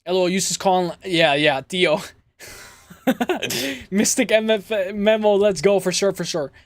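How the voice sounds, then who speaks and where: A young man from Toronto hosting a casual livestream, rambling through chat comments with hype shout-outs and lots of fillers. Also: sits high, a little slow, dry recording, clean studio sound. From Toronto, Canada. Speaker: livestream host.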